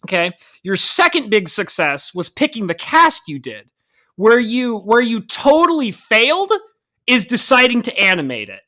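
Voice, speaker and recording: A man co-hosting a podcast in casual chat, excitable and rambling, often laughing. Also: very high-pitched, moderate pace. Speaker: podcast co-host.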